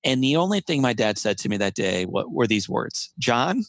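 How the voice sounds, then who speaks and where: A man's voice: lowish voice, animated, brisk, no echo. A middle-aged man, a podcast guest, telling a personal story emphatically and repeating key phrases.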